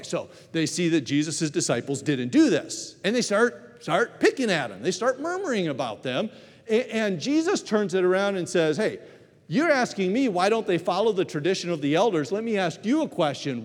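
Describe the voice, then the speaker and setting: Guy preaching a sermon, high voice, swings all over, big echoey hall. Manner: animated storytelling, acts out quoted voices. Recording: reverberant hall.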